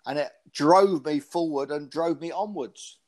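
A man from the UK in his fifties, a former pro boxer and speaker, tells stories as a guest in a casual interview. His voice is slightly higher than usual and a little slow, and he talks with animated energy while restarting phrases often.

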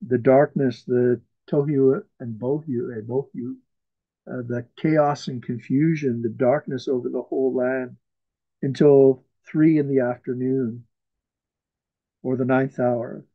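A man preaching an earnest, emphatic sermon to an online church, chuckling softly now and then. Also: medium pitch, fairly even intonation, a little slow, dry recording, highs cut off. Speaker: pastor. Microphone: video call.

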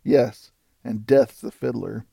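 Man reading a stern frontier scout, slow, low, gravelly, measured, audiobook. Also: warm tone, no room sound, studio quality, exaggerated voice. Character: stern, cool-headed male frontier scout.

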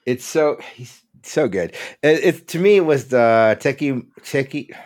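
A man co-hosting a podcast, chatting casually with animated, laughing asides. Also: medium pitch, a little slow. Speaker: podcast co-host.

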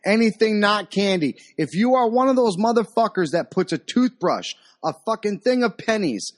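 A man's voice: high voice, lively intonation, normal speed. A man co-hosting a podcast, telling stories animatedly with swearing and laughter. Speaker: podcast co-host. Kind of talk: casual chat.

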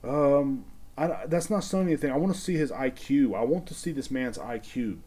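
A man's voice: medium pitch, lively intonation, moderate pace, mellow. A man hosting a casual solo podcast, rambling and swearing as he talks to himself. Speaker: podcast host.

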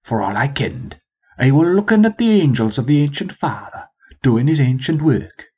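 Give me a man playing a young recruit telling a tale, husky and lyrical. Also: mid-range voice, animated, moderate pace, warm tone, highs cut off, voice pushed up. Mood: awestruck. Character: young Scots soldier recruit, awestruck storyteller.

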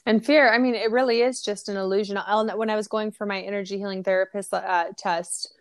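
A woman podcast host, slightly hoarse from losing her voice, chatting casually and telling stories with lots of fillers. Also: medium pitch, brisk, dry recording. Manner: chatty, animated storytelling with fillers.

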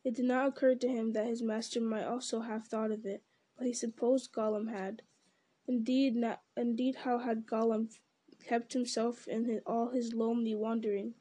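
A woman narrating a storybook aloud with a steady, unhurried reading manner. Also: fairly high pitch. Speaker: audiobook reader.

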